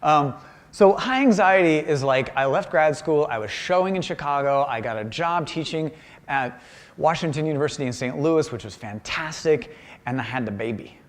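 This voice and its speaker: A man gives a lecture in a university auditorium, joking at his own expense as he talks through his paintings. His pitch swings widely from line to line, and he keeps up a lively, storytelling energy throughout. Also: moderate pace, long reverb tail. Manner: animated and self-deprecating, acts out quoted voices. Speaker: visiting artist giving a lecture. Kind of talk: humorous public talk with slides.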